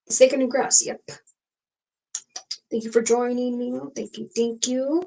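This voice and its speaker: A woman's voice: on the high side, level tone, measured pace, creaky, long pauses, mellow, low-quality recording. A young woman hosting a casual late-night livestream, talking frankly and rambling with many fillers and restarts. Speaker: livestream host.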